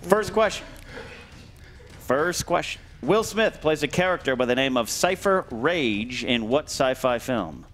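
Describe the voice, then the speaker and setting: A man commentating a movie trivia game show, excitable and enthusiastic as he calls the play and reads questions. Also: fairly high pitch, unhurried.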